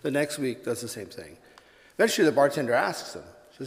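A man preaching to his congregation, his mid-range voice carrying long reverb through the church. He tells a joke in a relaxed storytelling way, then turns earnest as he preaches. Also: medium pitch, quick pace. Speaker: pastor. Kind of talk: sermon.

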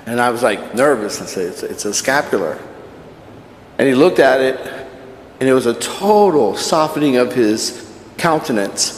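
A priest delivers a conversational homily at Mass, sharing anecdotes from his own life with lively intonation in a mid-range voice at normal speed. Captured from afar in an echoey church, the audio carries a faint hiss or hum.

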